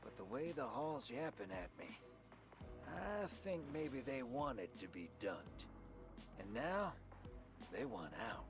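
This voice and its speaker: An actor playing a roguish, shady middle-aged drifter in a game cutscene, talking in a folksy, slangy drawl. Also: male voice, mid-range voice, very animated, slow. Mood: sly. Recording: game audio over loud music. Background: game score music.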